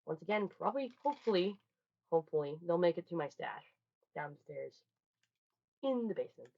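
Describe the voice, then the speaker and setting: Lively young woman, lo-fi home recording. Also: lowish voice, normal speed. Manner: chatty, rambling, with frequent restarts and loud bursts. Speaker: vlogger. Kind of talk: casual show-and-tell haul.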